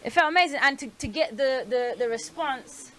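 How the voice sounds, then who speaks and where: A young woman from North London with a London accent, chatting candidly as a radio guest, animated and swearing freely. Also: high-pitched, moderate pace. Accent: London English. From North London, England. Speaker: guest performer. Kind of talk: casual interview chat.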